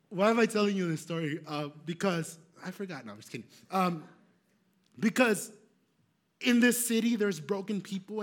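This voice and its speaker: A young male pastor telling a story in a sermon, animated and laughing, with many fillers. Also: sits high.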